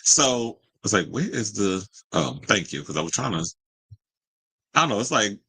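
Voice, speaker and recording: A man hosting a celebrity gossip show, talking in a sassy, animated way with slangy asides. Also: fairly low pitch, moderate pace, breathy edge, dry recording, rough recording. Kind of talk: casual gossip commentary. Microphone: home streaming mic.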